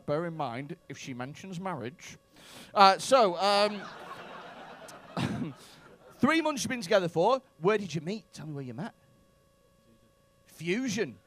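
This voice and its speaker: Lively high-voiced man doing crowd work. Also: takes it slowly, long pauses. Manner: bantering, profane, mock-outraged. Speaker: stand-up comedian. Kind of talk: crowd work in a stand-up set. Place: comedy club stage.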